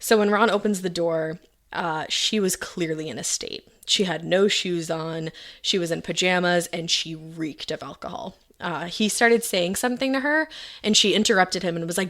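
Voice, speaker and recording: A woman's voice: lowish voice, moderate pace, fairly bright tone. A woman podcast host retelling events in a casual, chatty way, full of fillers and quoted lines. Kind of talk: casual true-crime storytelling.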